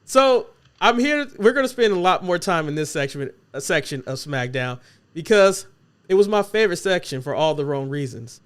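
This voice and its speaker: A man with a high, bright voice hosts a casual podcast chat over a remote call. He jokes and teases his co-hosts, and his talk is animated. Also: moderate pace, clear, resonant tone. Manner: joking, animated and teasing. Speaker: podcast host.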